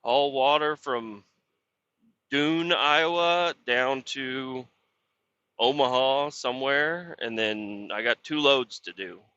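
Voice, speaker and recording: A man's voice: medium pitch, slow, sharp tone, clear, resonant tone, no room sound. A man who hauls water as a truck driver talks casually on his podcast, rambling, grumbling and swearing about his job. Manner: profane, grumbling and frustrated, with many fillers. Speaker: podcast host. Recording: dull lo-fi sound.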